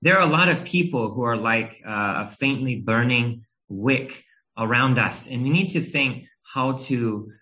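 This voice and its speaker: A man in his thirties preaching a sermon, telling a family story in an earnest, gentle way with a few hesitations. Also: mid-range voice, a little slow, low-quality recording.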